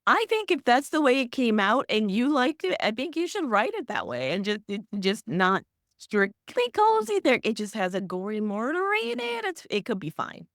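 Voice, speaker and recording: A woman's voice: on the high side, wildly swooping pitch, moderate pace, dry recording, clean studio sound. A woman co-hosting a podcast, chatting casually in a rambling, teasing way with lots of restarts. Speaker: podcast co-host. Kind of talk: casual chat.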